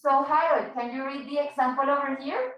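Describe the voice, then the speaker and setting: Patient high-voiced woman teaching English. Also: steady tone, recorded from a distance, muffled recording. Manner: patient, repeats and explains slowly, switches into Spanish. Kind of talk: online English class for Spanish speakers. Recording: echoey room.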